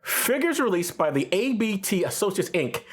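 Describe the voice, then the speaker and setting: Male podcast co-host, husky, very animated, incredulous and dry. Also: high-pitched, normal speed. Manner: incredulous straight man, reads out articles. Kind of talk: comedic movie podcast chat.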